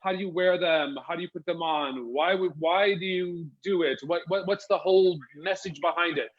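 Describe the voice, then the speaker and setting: High-voiced man hosting a playful chat. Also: moderate pace, dull audio. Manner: playful, camp, mock-posh put-on accent. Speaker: host. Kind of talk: casual chat.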